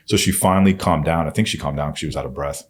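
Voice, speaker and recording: Talking very fast in an extremely low pitch, a male podcast guest gives a blunt, intense account of his own experiences. It is candid storytelling packed with nonstop profanity.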